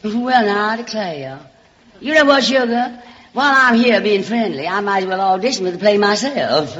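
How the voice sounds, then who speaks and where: A faint hiss or hum sits under this dull old radio broadcast from a reverberant hall, where a woman with a Southern American accent performs a drawling, theatrical comic monologue. The comedy host's mid-range voice is expressive and a bit bright, moves at normal speed, and coyly calls everyone darling.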